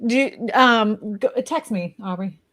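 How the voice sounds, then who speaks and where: A woman's voice: medium pitch, measured pace, dry recording. A woman in her thirties co-hosting a casual chat, telling stories and acting out what people said. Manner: animated storyteller, acts out quotes. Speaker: real estate agent, co-host.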